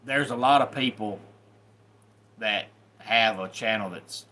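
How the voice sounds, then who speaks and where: Plain-spoken man with a bright voice. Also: fairly low pitch, slow pace. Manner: plain-spoken, informal grammar. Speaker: family channel vlogger. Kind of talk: casual talk to camera.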